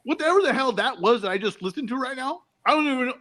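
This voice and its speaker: A man co-hosting a boxing podcast in casual chat, teasing and animated, often repeating himself. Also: very high-pitched, fast talker.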